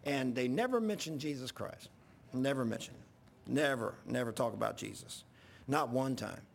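A male pastor preaching a sermon in a church, telling folksy stories and rising to yelling when worked up. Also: medium pitch, lively intonation, normal speed, creaky, slight background noise. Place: church sanctuary.

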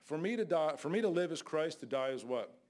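An older man preaching a fiery Bible sermon as a guest preacher, scolding loudly and then dropping to low asides. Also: lively intonation, fairly quick. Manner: loud, scolding, shifts between shouting and low asides.

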